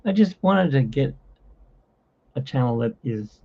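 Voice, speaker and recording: A man's voice: medium pitch, lively intonation, measured pace, creaky, dark tone, slightly rough. A man hosting a casual livestream from his phone, rambling and chatty with frequent laughs, in dull lo-fi phone audio. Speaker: livestream host.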